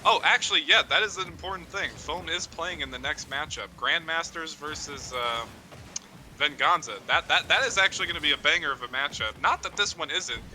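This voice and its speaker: A man's voice: a little high, a little fast, pushed and bright, a little hiss or hum. A young man casting a game on a casual drinking stream, joking and crude in his banter. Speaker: esports caster.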